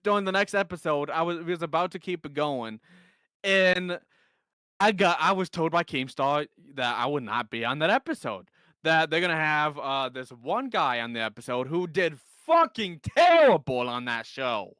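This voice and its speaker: A man's voice: on the high side, big pitch swings, normal speed, pushed and bright, clean tone, dry recording, clean studio sound. A young man rambling and swearing as he tells a story in a casual live-stream chat. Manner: rambling, profane, restarts often. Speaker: guest streamer.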